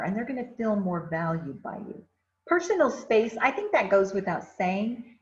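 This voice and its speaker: Female trainer for a workplace customer service session, chatty delivery with fillers, roomy and slightly dull sound. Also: medium pitch. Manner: conversational, repeats phrases, frequent fillers.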